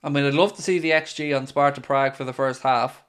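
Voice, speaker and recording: An Irish man hosting a live football watchalong, reacting excitedly and calling the play as it happens. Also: medium pitch, quick pace, smooth. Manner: excitable, jumps into play-by-play shouts. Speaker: watchalong host. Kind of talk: live match reaction commentary.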